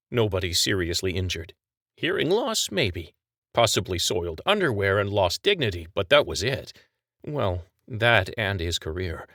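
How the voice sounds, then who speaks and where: Low-voiced man narrating an audiobook. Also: fairly bright tone, no echo, studio quality. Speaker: author narrating his own story.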